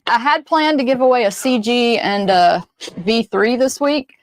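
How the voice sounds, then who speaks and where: Woman on a live stream reading chat and doing giveaways, brisk, dry close sound. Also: on the high side, no room sound. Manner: reads viewer comments out, brisk.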